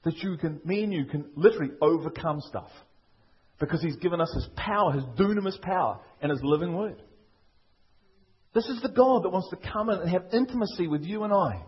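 A man's voice: high voice, lively intonation, fairly quick, breathy edge, lo-fi sound. A man with a Liverpool accent preaching a sermon, emphatic and full of rhetorical questions. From England. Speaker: pastor.

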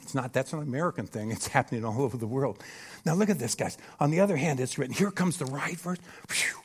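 A man preaching a sermon on a church stage, animated and emphatic, often checking in with the crowd. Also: mid-range voice, quick pace, husky. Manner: animated and emphatic, with frequent rhetorical "Hello?" checks. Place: church stage before a live audience.

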